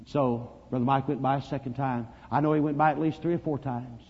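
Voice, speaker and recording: A man preaching a sermon, telling a story dramatically and swinging from hushed to loud. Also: mid-range voice, steady tone, a little fast, slightly rough. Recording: dull lo-fi recording, long reverb.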